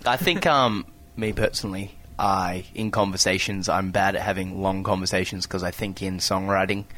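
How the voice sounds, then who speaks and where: This young songwriter speaks low, but his tone comes through bright. He muses slowly about his craft, with a faint hiss in the background. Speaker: band member guest.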